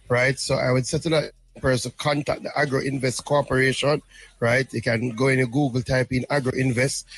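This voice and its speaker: Man explaining farm policy. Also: mid-range voice. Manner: explains policy patiently, says "right?" often. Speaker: government minister. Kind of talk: interview answers.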